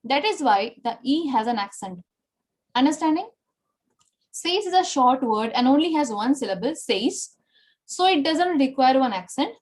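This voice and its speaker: A woman's voice: high voice, a little mellow. A woman teaching a Spanish language class online, explaining patiently and checking in with "okay?" and "right?" after nearly every sentence. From India.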